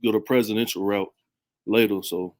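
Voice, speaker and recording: A man's voice: on the low side, steady tone, moderate pace, darkish tone. Hesitant man on a podcast. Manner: hesitant, filler-heavy. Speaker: podcast co-host. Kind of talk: casual opinion chat.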